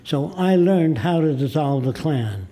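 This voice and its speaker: Speaking as a studio interview guest, a man in his nineties from the United States deliberately tells stories and performs the characters in them. He has a fairly high, expressive, warm voice.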